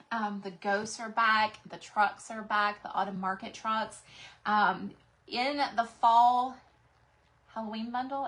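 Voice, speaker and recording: A woman's voice: a little high, fairly bright tone. Chatty Texan woman hosting a craft stream. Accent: Texas. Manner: chatty, greets viewers by name, many fillers. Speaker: craft livestream host. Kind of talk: casual livestream chat. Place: craft room.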